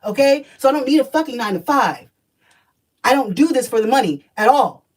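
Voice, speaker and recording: A woman's voice: high voice, expressive, fairly quick, darkish tone, breathy edge, far from the mic, poor audio. Blunt, profane woman storyteller. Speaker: spiritual energy reader. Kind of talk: casual storytelling vlog.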